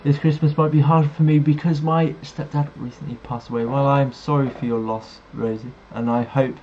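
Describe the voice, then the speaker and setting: A man's voice: mid-range voice, little pitch movement, moderate pace, a little mellow, slight background noise. A man hosting a live stream, reading viewer messages aloud and chatting back to them casually. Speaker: livestream host. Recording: slightly dull audio, faint music behind. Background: faint background music.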